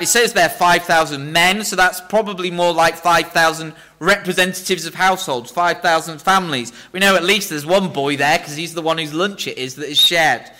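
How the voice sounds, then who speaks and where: A man preaching a sermon, earnest and emphatic, explaining scripture in plain terms and slowing down for stress. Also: on the high side, sharp tone.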